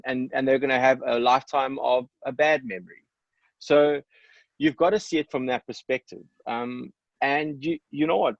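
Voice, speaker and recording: A man's voice: mid-range voice, no echo. A South African man, a musician guest on a podcast, talking candidly and reflectively with many ums and restarts. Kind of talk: candid podcast interview talk. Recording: dull, dry sound.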